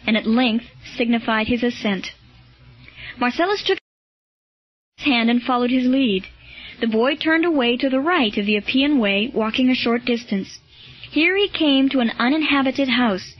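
High-voiced woman reading a story. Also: moderate pace. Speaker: narrator. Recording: dull lo-fi recording.

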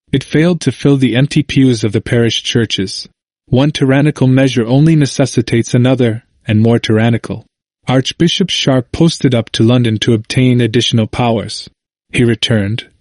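A man reading a history book aloud as a narrator, in a measured, steady way. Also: mid-range voice, no echo, clean studio sound.

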